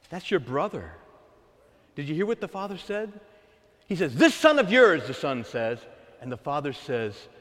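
A man preaching a sermon as a pastor, calling out to the congregation in an animated, call-and-response way. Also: mid-range voice. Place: large church. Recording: echoey church hall with long reverb.

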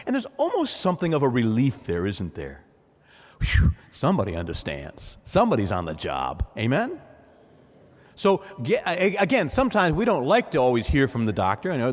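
A male pastor preaching an animated sermon to his church. He calls out to the congregation and acts out the voices in his quotes. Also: a little fast. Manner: acts out voices in quoted lines, swings pitch and loudness widely. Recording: long hall reverb.

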